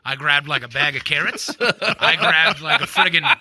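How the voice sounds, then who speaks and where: In a casual chat, a podcast co-host tells a story with lots of animation, acting out the quotes as he goes. His voice is a little high, his pace moderate, and the recording dry.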